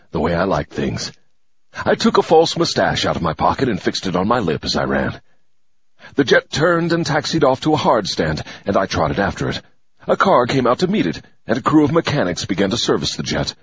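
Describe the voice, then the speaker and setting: A man narrating a first-person adventure story in an expressive, dramatic way. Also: on the low side, slightly rough, no echo, lo-fi sound. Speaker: audiobook narrator.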